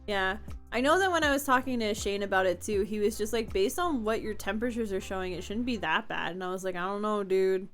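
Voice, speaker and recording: A woman's voice: mid-range voice, fast talker, a bit bright, soft background music. A young woman streamer chatting casually with her chat from home, answering comments and laughing often.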